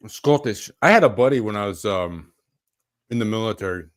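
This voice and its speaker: A man's voice: fairly low pitch, expressive, fairly quick. A man hosting a live horror news stream, chatting casually and laughing often. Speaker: podcast host.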